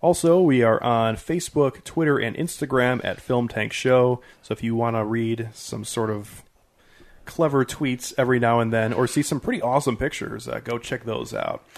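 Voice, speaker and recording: A man's voice: mid-range voice, lively intonation, normal speed, gravelly. A man hosting a casual film podcast, joking and swearing loosely with his co-hosts. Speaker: podcast host.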